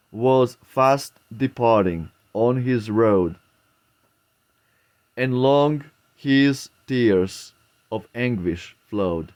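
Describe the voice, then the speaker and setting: Very slow male verse reader. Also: mid-range voice. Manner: measured, steady recitation. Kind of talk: scripted verse narration.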